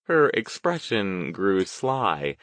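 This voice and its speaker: Man narrating an audiobook, lively. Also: low voice, slow, dry recording. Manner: expressive storytelling. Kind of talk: scripted narration.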